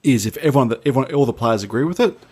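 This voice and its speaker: A man co-hosting a gaming podcast as a game master, giving relaxed, rambling explanations. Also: mid-range voice, rapid-fire, slightly rough. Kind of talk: casual podcast chat.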